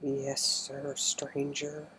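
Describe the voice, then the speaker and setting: A woman reading the lines of a sad, solemn little male courtier in a low, musical voice with formal, old-fashioned speech, in an audiobook. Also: lively intonation, extremely slow, noisy background. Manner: archaic formal speech, mournful.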